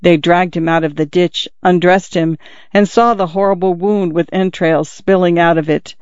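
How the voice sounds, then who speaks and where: A man narrating a classic short story in a measured, even storytelling manner. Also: high voice, clean tone, dry recording, muffled recording.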